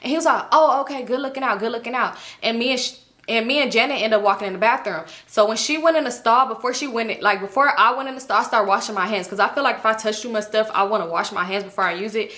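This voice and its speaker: A young woman casually telling a story to her viewers, chatty and slangy, swearing freely and acting out the people she quotes. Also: fast. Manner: animated, acts out quotes with a higher voice. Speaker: storytime YouTuber.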